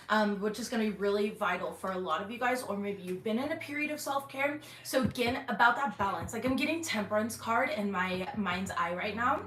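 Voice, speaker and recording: A woman's voice: mid-range voice, a bit bright. Chatty woman reading tarot, echoey bedroom. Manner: chatty, many "um"s and throat-clearing. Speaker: tarot reader and channel host. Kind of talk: casual intuitive tarot reading to camera. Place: her bedroom. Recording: echoey bedroom, faint background hum.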